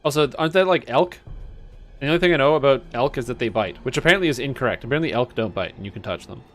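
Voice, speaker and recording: A young man with a Canadian accent chats through a game stream in a rambling, jokey, self-mocking way. His voice sits at an ordinary middle pitch, and faint music runs quietly underneath. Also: lively intonation, rapid-fire. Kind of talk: casual gaming commentary.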